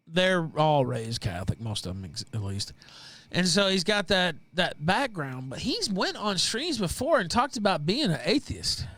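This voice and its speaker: A man's voice: sits high, a bit bright, dry recording. A man hosting a livestream, delivering profane, mocking rant commentary. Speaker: livestream show host. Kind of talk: ranting commentary.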